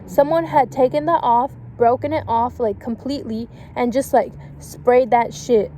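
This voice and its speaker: A woman's voice: a little high, fairly even intonation, moderate pace, warm tone, rough recording. A young woman casually telling a storytime vlog, swearing a lot and filling her talk with "like" and "and shit.". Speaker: vlogger. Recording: faint background noise.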